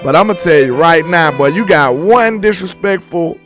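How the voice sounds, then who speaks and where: A young man hosting a sports live stream, reading chat and loudly teasing viewers with laughter. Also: sits high, lively intonation, normal speed, faint music behind. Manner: loud trash talk, laughing and teasing viewers. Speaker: sports channel host.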